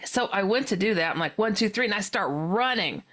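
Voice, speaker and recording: A woman, a guest on a podcast, telling a personal story in an animated way, laughing often and acting out her own past words with sudden jumps in pitch. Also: a little fast. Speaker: guest, paranormal author.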